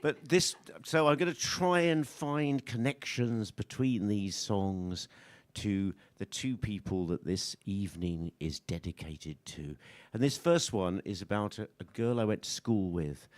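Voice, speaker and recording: A man's voice: lowish voice, no room sound. A man, a folk singer chatting onstage between songs, rambling and self-mocking with dry jokes. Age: 60s. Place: live music venue stage. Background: live audience and instruments.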